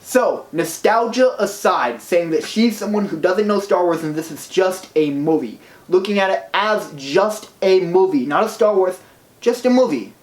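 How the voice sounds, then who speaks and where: A movie reviewer talking in a casual video review, gushing and excitable, who swears for emphasis. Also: medium pitch, moderate pace. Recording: roomy echo.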